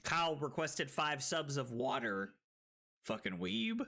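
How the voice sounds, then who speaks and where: A tipsy man streaming a card game, swearing, laughing and breaking into loud excited outbursts. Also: fairly high pitch, measured pace, vocal fry. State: tipsy from drinking. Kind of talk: casual livestream commentary.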